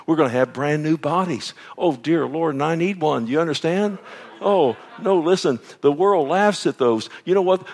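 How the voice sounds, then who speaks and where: A middle-aged pastor preaching, who keeps throwing questions out to the congregation. His voice sits at an ordinary pitch for a man. He moves between loud, fervent lines and soft, hushed ones. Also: vocal fry. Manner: preaching with call-and-response questions. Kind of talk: sermon.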